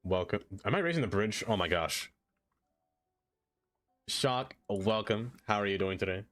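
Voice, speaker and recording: A man's voice: lowish voice, unhurried, fairly bright tone. Man, game streamer, casual chat, laughs often, talks to his builds, faint music. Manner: chatty, laughs a lot, talks to game objects.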